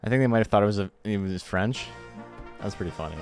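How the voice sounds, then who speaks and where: A man's voice: lowish voice, quick pace, a little mellow, soft background music. A man, chatting loosely and swearing casually while commentating a game tournament on a stream. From Canada. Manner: loose and profane, laughing often.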